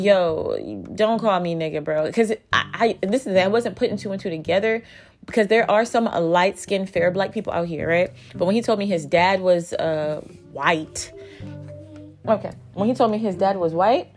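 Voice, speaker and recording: A woman's voice: mid-range voice, darkish tone. A woman in her thirties telling a dating story in a casual vlog, blunt and profane, with a sarcastic edge. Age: 30s. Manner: blunt, profane, sarcastic, talks back and forth. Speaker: vlogger.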